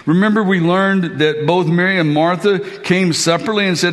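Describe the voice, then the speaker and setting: A male pastor delivering an animated sermon, swinging between soft, low passages and emphatic raised lines. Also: a little fast, long reverb tail.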